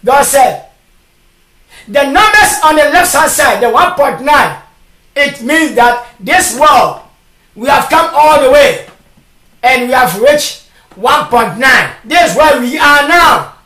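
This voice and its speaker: A preacher delivering a shouted sermon, firing off repeated rhetorical questions. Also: high-pitched, expressive, slow pace, pauses often. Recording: echoey, from far off.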